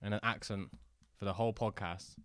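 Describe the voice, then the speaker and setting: A man's voice: fairly low pitch, fairly even intonation, brisk, clear, resonant tone, no echo, studio quality. A young man joking and laughing through a casual podcast chat. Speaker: podcast co-host.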